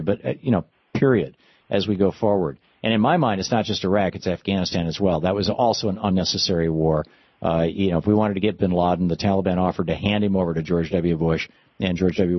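Deep, husky-voiced male radio host. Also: no echo, highs cut off. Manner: opinionated, thoughtful, reflective. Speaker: radio talk show host. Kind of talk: call-in radio talk.

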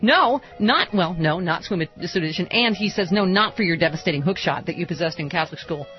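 A woman's voice: on the low side, lively intonation. Playful middle-aged woman hosting radio. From Lockport, New York, USA. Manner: playful and quick, laughs often. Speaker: radio show host. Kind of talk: comic radio talk show. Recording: slightly muffled radio broadcast with faint music.

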